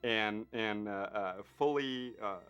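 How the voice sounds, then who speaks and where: A male special effects artist tells an anecdote in an interview. His voice sits a little low, and he gets animated, throwing in plenty of fillers and acting out other people's lines. Faint music plays underneath. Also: takes it slowly, smooth, highs cut off.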